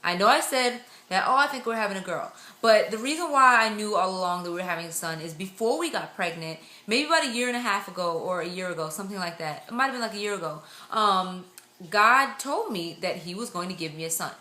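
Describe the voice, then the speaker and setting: A woman's voice: medium pitch, fast. Chatty young woman in an echoey room. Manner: chatty and excitable, acting out quotes. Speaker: vlogger. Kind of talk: casual pregnancy update vlog.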